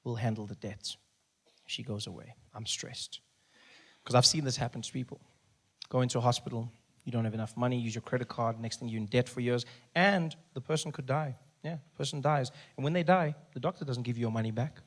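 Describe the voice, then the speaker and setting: A man doing stand-up storytelling, animated, acting out characters and shouting in bursts. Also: fairly quick. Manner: animated, acts out characters with big pitch jumps and shouting. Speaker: stand-up comedian.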